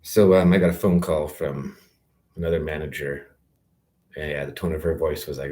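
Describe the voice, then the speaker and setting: Very deep-voiced rambling man. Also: steady tone, moderate pace, dark tone. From Calgary, Canada. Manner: rambling, sarcastic, self-interrupting with fillers. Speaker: vlogger. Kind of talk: rambling direct-to-camera rant.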